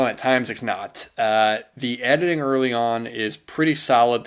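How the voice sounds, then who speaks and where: A man's voice: mid-range voice, a bit bright. A man hosting a casual film review podcast, rambling with many fillers and tangents, often saying "man" and growing incredulous at bizarre scenes. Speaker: podcast host reviewing films.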